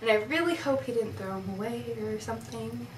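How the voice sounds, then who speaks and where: A teenage girl vlogging in casual chat, gushing and excitable, rambling with "like" fillers. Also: a little high, a little fast, roomy sound, distant mic, background noise. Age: teens.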